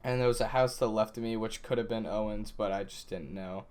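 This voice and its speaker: A young man in casual podcast chat with friends, telling his stories with lots of animation. He acts out the quotes and shouts as he goes. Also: on the low side, steady tone, fast talker. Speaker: podcast host.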